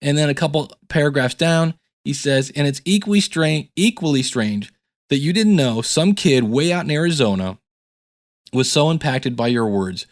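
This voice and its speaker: A man's voice: on the high side, expressive, normal speed, dry recording, studio quality. A middle-aged male podcast host and teacher talking casually in a solo episode, telling stories and reading listener emails aloud. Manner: storytelling, reads emails aloud.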